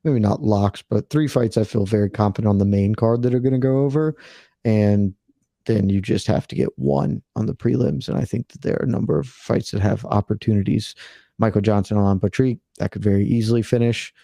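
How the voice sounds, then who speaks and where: A man chatting casually as a panelist, measured and thinking aloud as he talks. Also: fairly low pitch, fairly even intonation, gravelly, mellow, no echo, clean studio sound.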